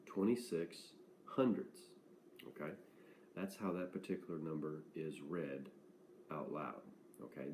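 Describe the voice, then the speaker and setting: A man's voice: rumbling low, dark tone, a little hiss or hum. A male math teacher talking students through a lesson in a casual, conversational way, often checking in with "okay?".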